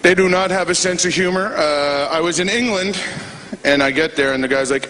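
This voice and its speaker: Deadpan man doing stand-up. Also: a little high, slight background noise. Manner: deadpan storytelling with quick asides. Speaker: stand-up comedian. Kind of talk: stand-up comedy set.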